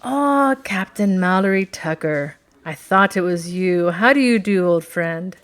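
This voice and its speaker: A woman's voice: fairly low pitch, lively intonation, a little slow. A woman reading a novel aloud voices an elegant nobleman with a slight French accent, who speaks with suave courtesy. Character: elegant nobleman, smooth and gracious.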